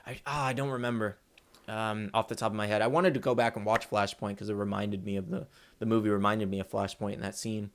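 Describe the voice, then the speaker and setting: A young man giving a casual, rambling movie review, excitable and full of fillers. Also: fairly low pitch, quick pace.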